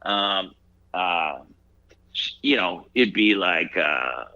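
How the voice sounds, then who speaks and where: A man in his sixties from Ohio, a guest talking casually in an interview, halting and reflective with many fillers and restarts. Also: deep voice, lively intonation, creaky, sharp tone, dry recording, highs cut off. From Ohio, USA.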